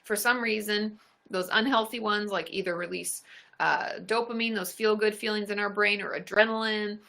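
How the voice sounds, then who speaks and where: A woman's voice: mid-range voice, normal speed, vocal fry. A young adult woman therapist hosting a live stream, upbeat and encouraging as she answers viewers. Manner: upbeat and encouraging, squeals excitedly at gifts.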